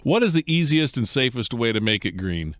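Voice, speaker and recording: A man's voice: medium pitch, big pitch swings, fairly quick, fairly bright tone, dry recording. A man hosting a morning radio show, chatty and joking as he interviews a guest. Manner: chatty, joking, self-deprecating.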